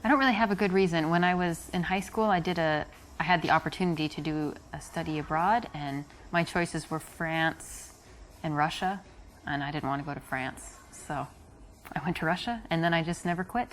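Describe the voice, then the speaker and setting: A woman playing a young American woman on a date, relaxed and unhurried in her replies. Her voice sits a little low, with a faint hum of room noise behind it. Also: natural voice. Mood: easygoing. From United States. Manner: easygoing, brief replies. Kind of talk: live-action game dialogue.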